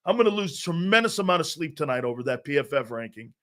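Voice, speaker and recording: A man hosting a live sports talk show, brash and animated, talking back to his chat and laughing at himself. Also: a little high, fast talker.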